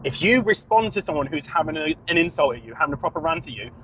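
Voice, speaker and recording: A British man co-hosting a podcast, telling an animated story with laughter and acting out both sides of a phone call. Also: on the high side, fast, slight background noise. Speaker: podcast co-host. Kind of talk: casual storytelling chat. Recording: dull lo-fi sound.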